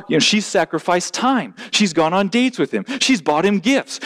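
A man's voice: sing-song, moderate pace, few pauses, fairly bright tone. A man preaching a sermon, emphatic, often repeating words as he restarts. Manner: emphatic, rising in pitch and volume at points.

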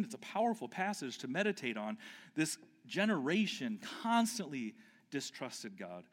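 A man preaching an expository sermon, emphatic, with rhetorical questions and frequent restarts. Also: medium pitch. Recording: long hall reverb.

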